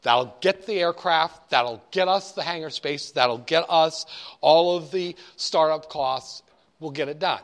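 A man's voice: a little high, a little slow, fairly bright tone. A man with a slightly raised voice gives a lecture. He talks loosely and conversationally, drifting into stories before he comes back to the lesson. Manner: conversational, digressive storytelling. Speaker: instructor. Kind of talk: storytelling lecture.

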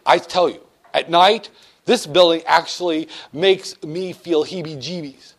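A man teaching a finance class, explaining ideas with jokes and loud shouted asides. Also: on the high side, a little slow. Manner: lively and joking, with sudden shouted asides. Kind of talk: classroom lecture.

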